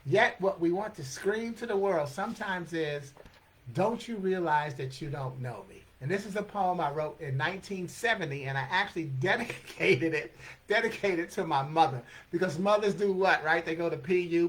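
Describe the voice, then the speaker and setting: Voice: medium pitch, moderate pace. An author in their sixties giving a motivational talk and reading a poem, talking in an emphatic, repetitive way and laughing often. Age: 60s. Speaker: author and poet.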